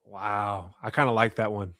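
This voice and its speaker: A man's voice: fairly low pitch, fairly even intonation, normal speed, bright, forceful tone, no echo, studio quality. A young man co-hosting a casual sports podcast, laid-back and understated. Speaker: podcast co-host.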